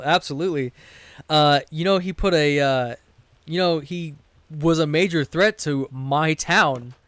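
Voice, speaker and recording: A man streaming a game while retelling a tabletop session he ran, rambling, swearing freely and breaking off mid-sentence. His voice sits a little high and comes through smooth and clear. The sound is close and dry. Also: a bit bright, no room sound. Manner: rambling, profane, self-interrupting. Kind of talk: casual storytelling while gaming.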